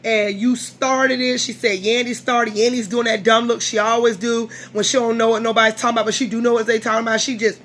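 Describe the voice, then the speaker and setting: A woman's voice: a little high, a little fast, few pauses. A tired woman vlogger recapping a reality show in casual, blunt, profane chat, acting out what people said. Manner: blunt, profane, animated recap with quoted voices.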